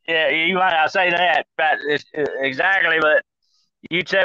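A man's voice: a little high, lively intonation, moderate pace, pushed and bright, dry recording, lo-fi sound. A man talking as a guest on a call-in style show, rambling, with many fillers and restarts. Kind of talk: casual talk-show discussion.

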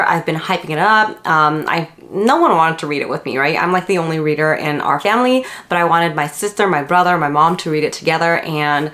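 A young woman runs a book vlog, chatting casually and rambling with plenty of fillers. Her voice is fairly low and a bit bright, and her retainers give her a lisp.

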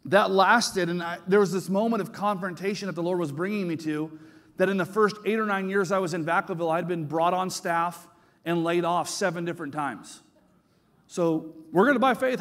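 A middle-aged man preaches a sermon from the pulpit, his fairly high voice rising and falling as he tells stories. He leans on emphasis and repeats phrases as he builds each point. The sound rings with the long reverb of a large church sanctuary. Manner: storytelling with lively emphasis and repetition. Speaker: pastor.

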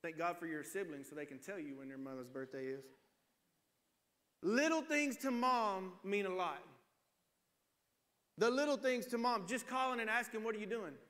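A man's voice: high-pitched, expressive, moderate pace, long pauses, fairly bright tone, long reverb tail. A man in his forties, a pastor preaching a sermon with humorous storytelling. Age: 40s. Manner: humorous storytelling, acts out voices. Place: church sanctuary.

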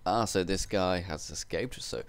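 A man's voice: low-pitched, a little slow, creaky, background noise. A young man casually commentating a video game, joking and rambling with crude asides. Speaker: gameplay commentator. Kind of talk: casual let's-play commentary.

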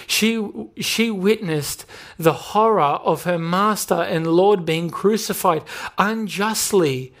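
Australian male pastor, slightly high voice, earnest emphatic sermon delivery. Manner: earnest, emphatic preaching with repeated phrases. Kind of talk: sermon with prayer.

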